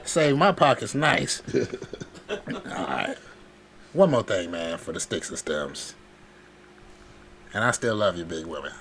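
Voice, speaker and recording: Lively man, animated chat. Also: sits low, slow pace, pauses often, a little hiss or hum. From Alabama. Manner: animated storytelling, laughing, acts out quotes. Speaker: podcast host. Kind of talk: casual chat.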